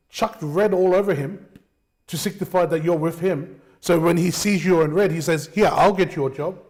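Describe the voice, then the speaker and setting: A man's voice: high-pitched, a little mellow. A man hosting a talk show, delivering passionate, opinionated political commentary, often calling listeners "mate". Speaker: show host.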